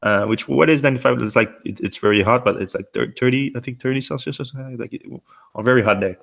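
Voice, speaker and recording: Slightly hoarse man. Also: medium pitch, fairly bright tone. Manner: halting, many restarts and fillers. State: losing his voice, a little sick. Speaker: podcast host. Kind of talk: casual podcast chat.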